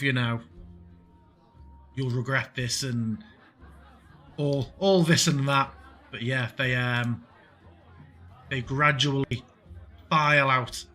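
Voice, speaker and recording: A man's voice: medium pitch, sharp tone. A man narrating a tabletop game as game master, descriptive and full of fillers. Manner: descriptive, with frequent fillers and restarts.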